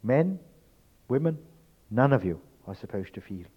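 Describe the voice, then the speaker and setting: A man giving a spoken lecture in an emphatic, rhetorical way, swinging between loud stresses and hushed asides. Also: medium pitch, big pitch swings, a little slow, slightly rough. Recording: dull lo-fi recording.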